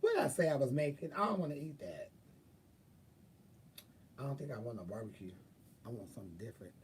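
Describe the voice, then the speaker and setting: A man's voice: mid-range voice, big pitch swings, fairly quick, breathy edge, distant mic. A man hosting a livestream, chatting with viewers and telling sassy, profane stories through bursts of laughter. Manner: gives frank advice to viewers. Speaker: livestream host. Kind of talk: casual storytelling chat.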